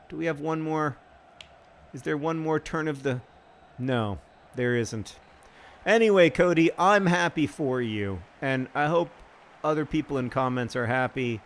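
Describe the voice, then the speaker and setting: A man hosting an advice segment while playing a football manager game, rambling and halting when reflective and bursting into loud, frustrated outbursts at the match. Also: mid-range voice. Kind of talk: casual commentary over gameplay.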